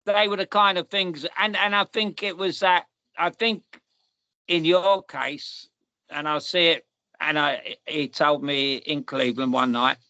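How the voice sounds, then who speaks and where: A man's voice: fairly high pitch, fairly even intonation, measured pace, pushed and bright, no echo, highs cut off. A man, hosting a podcast and telling long rambling stories in a casual chat. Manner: rambling, restarts and repeats, storytelling. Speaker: podcast host.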